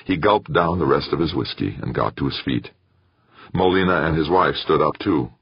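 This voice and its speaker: A man narrating a story in an expressive, scripted manner. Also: extremely low pitch, normal speed, slightly rough, no echo, highs cut off. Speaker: audiobook narrator.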